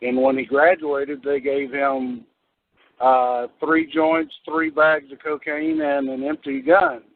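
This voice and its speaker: Male radio co-host, gravelly and expressive, phone-like sound. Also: fairly high pitch, slow pace. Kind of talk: casual radio talk. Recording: tinny phone-like line.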